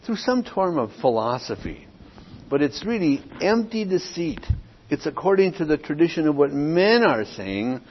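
A man's voice: a little high, big pitch swings, normal speed, husky. A middle-aged man preaching an expository sermon as pastor, emphatic and repetitive, often checking in with his listeners. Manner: emphatic, repeats points, checks in with "okay?". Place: church sanctuary. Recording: dull lo-fi audio with long hall reverb.

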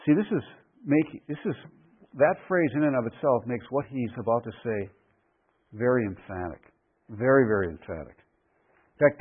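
A man preaching a verse-by-verse sermon in an emphatic, deliberate way, repeating key phrases for weight. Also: medium pitch, slightly rough. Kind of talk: expository sermon. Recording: phone-like radio broadcast.

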